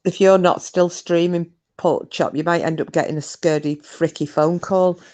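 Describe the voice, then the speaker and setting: A woman's voice: lowish voice, steady tone, moderate pace, a little mellow. A British woman hosting a live stream from her sofa at home, chatting casually with a nervous, giggly manner.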